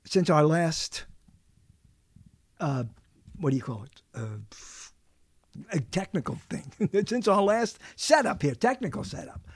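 A man's voice: on the high side, a little mellow, no echo, studio quality. A man hosting a talk show, chatting casually in a rambling, joking way with lots of fillers and restarts.

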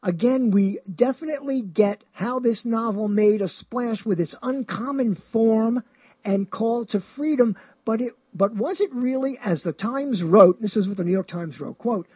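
A man hosting a show, talking about books in a rambling, animated way, often chuckling and swinging his pitch high and low. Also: unhurried, slightly rough, no echo, lo-fi sound. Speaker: show host. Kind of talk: rambling radio-style talk about books.

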